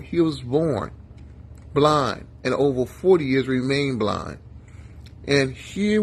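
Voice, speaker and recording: A man's voice: medium pitch, a little hiss or hum. A male pastor giving a conversational sermon in a folksy, chatty manner, talking to his listeners by name.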